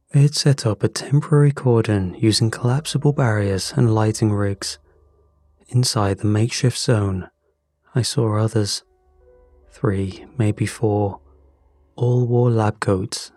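Brief: male narrator, low and slow, dark husky tone, tense scripted storytelling. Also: no room sound. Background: faint music.

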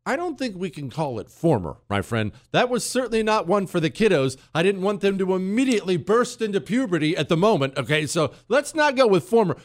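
A male talk show host giving opinionated commentary in an animated, sarcastic way, bantering with his producer. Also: high-pitched, brisk, hardly any pauses, no room sound, clean studio sound.

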